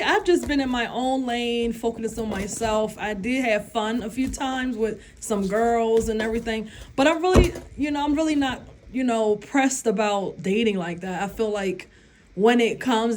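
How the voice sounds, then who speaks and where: A woman's voice: on the high side, a little mellow, a little hiss or hum. A young adult woman chatting casually on her vlog, blunt and profane, laughing often as she answers questions. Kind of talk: casual chat.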